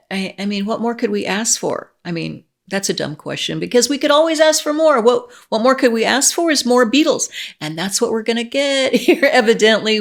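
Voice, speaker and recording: Middle-aged woman vlogger, low and gravelly, excitable, chatty. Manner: gushing, excitable, many restarts and laughs. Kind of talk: casual chat to camera.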